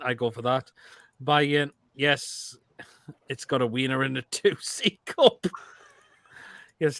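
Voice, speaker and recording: A man's voice: medium pitch, a bit bright, dry recording. A man, hosting a casual live stream and giving crude, blunt verdicts on viewers' food photos between laughs.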